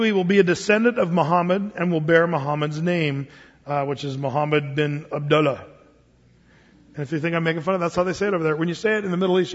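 Male pastor, high voice, chatty sermon delivery with restarts, muffled lo-fi sound, long church reverb. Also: fairly bright tone. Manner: conversational preaching with frequent restarts and fillers.

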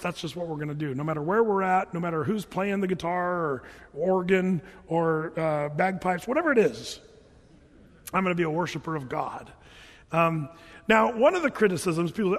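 Pastor guy giving a chatty sermon, high voice, long echo in a church hall. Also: expressive, moderate pace. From Oregon. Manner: conversational preaching with jokes and chanted scripture.

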